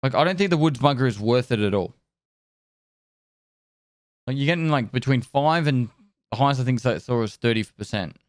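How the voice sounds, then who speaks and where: A man in his thirties streams a game and chats loosely with his viewers, answering questions as they come. His voice is smooth and resonant. The recording is dry, with no room sound. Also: medium pitch, normal speed, pauses often, dry recording. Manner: rambling, answers chat. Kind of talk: casual live-stream chat.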